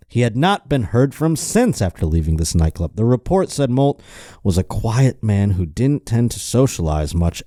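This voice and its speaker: Sardonic, profane man with a dark voice. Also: mid-range voice, no echo, clean studio sound. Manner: profane, sardonic, riffing while reading articles aloud. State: running low on energy. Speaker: podcast host. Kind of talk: casual comedic podcast chat.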